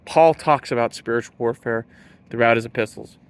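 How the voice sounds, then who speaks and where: A man giving an earnest preaching monologue to camera, slow and emphatic, leaning on key words. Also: medium pitch, clear, resonant tone. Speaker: Christian speaker.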